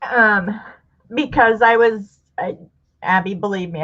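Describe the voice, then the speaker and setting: A middle-aged woman hosting a casual livestream chat with viewers, speaking in a heartfelt, halting way, on the edge of tears. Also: medium pitch, fairly bright tone. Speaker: livestream host. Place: home room with a table of craft supplies. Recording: dull lo-fi livestream audio.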